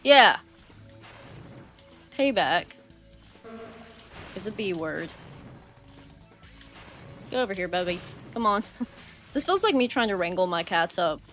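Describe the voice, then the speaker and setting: Chatty woman streamer yelling at a game. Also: lowish voice. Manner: chatty, swings to loud frustrated outbursts. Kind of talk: live gameplay commentary.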